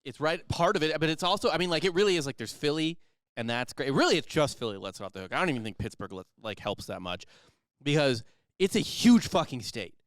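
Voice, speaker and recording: A man from Missouri trades jokes on a casual podcast, swearing freely and mimicking voices. His pitch bounces all over the place. The sound is clean and dry, close on a studio mic. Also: lively intonation, fast, fairly bright tone, no echo. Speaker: co-host.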